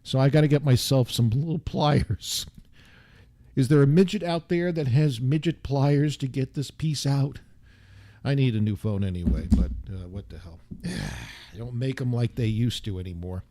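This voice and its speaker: A male show host who drifts through a loose monologue, cracking wry, self-deprecating jokes. He has a dark, mellow tone and a dry recording with little room sound. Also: mid-range voice, moderate pace, no echo. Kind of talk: casual rambling monologue.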